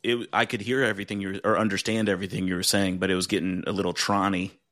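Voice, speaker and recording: A man's voice: deep voice, little pitch movement, fast talker, fairly bright tone, dry recording, clean studio sound. A man co-hosting a podcast, chatting in an easygoing, somewhat apologetic way. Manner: easygoing, apologetic, laughs easily. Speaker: podcast co-host. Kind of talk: casual chat.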